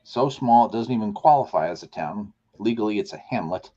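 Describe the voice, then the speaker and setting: A man's voice: fairly low pitch, expressive, brisk, warm tone, highs cut off. A man from upstate New York, a guest on a live chat, joking with wry, self-mocking humor. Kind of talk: casual chat.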